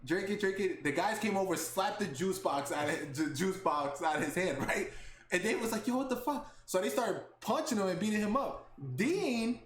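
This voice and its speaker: Animated high-voiced young man storyteller. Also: moderate pace. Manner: animated, laughing, swears freely. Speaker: podcast host. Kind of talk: casual storytelling chat. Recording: echoey room with faint background noise.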